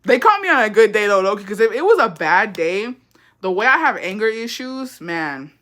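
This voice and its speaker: A woman's voice: mid-range voice, sing-song, normal speed, a bit bright. A young woman from Texas telling a story on her livestream, blunt and heavy with swearing, dropping Spanish phrases in. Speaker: livestream host. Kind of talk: casual livestream chat, storytime. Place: indoors, livestream.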